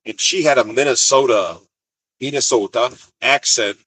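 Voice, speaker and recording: A man from Colorado chats and rambles through road stories, laughing easily as he goes. His voice is husky and sits at an ordinary middle pitch. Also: normal speed, a bit bright, no room sound, rough recording. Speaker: truck driver vlogger. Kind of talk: casual storytelling.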